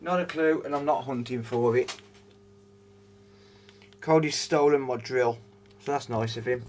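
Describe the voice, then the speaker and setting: Black Country man, casual live-stream host, mid-pitched, laughs a lot, chats with viewers. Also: measured pace, a little mellow, a little hiss or hum. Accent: Black Country English. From England. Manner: chatty, laughs often, talks to chat by name. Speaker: livestream host. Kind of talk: casual live-stream chat while repairing.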